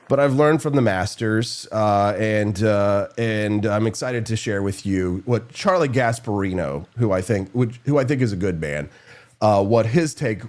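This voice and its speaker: A man hosting a political talk show, telling stories in a loose, rambling way and acting out quotes from old colleagues. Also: lowish voice. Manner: rambling, animated storytelling with impressions. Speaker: show host. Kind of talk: casual political commentary.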